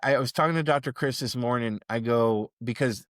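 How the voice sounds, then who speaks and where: A man's voice: medium pitch, fairly quick, fairly bright tone, dry recording, studio quality. A man co-hosting a podcast about chiropractic, telling rambling stories with lots of swearing in casual chat. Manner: crude, rambling storyteller who swears freely.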